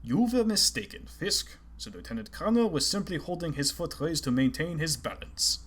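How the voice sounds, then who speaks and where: A man voicing an aristocratic veteran male colonel with a clipped, measured manner. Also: on the high side, lively intonation, a bit bright, husky, voice pushed up. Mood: stern.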